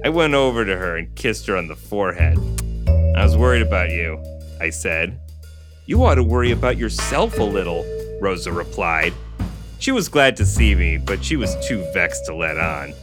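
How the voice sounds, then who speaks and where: A man's voice: low-pitched, big pitch swings, moderate pace, over music. A man co-hosting a casual podcast, reading a novel aloud and chatting, with playful asides and frequent laughter. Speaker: podcast co-host and reader.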